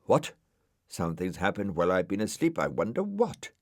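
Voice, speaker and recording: A man's voice: low voice, huge pitch swings, moderate pace, no room sound, clean studio sound, exaggerated voice. A man putting on a grumpy, flustered dog. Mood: grumbling. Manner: grumbling, stammering when nervous. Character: grumpy sleepy male dog, easily flustered.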